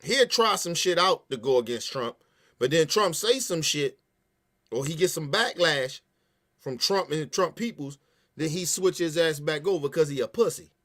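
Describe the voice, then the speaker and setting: A man's voice: fairly high pitch, animated, normal speed, a bit bright. A man rants through heated, profane commentary. He talks emphatically and animatedly, hammering his points again and again. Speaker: podcast host.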